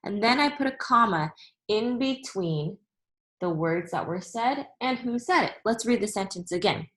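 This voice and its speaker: A woman's voice: medium pitch, animated, fairly bright tone, rough recording. A woman teacher giving a recorded lesson, explaining patiently and addressing her students directly. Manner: patient and deliberate, repeats and rereads examples aloud. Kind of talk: recorded remote classroom lesson.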